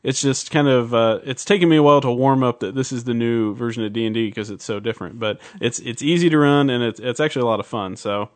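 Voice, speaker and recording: A man's voice: medium pitch, fast talker, hardly any pauses, dry recording. A man co-hosting a gaming podcast, chatting in an easygoing, joking way. His voice sits in the middle of the male range, and the recording is dry and close. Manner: jokey, easygoing. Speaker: podcast co-host. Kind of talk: casual chat.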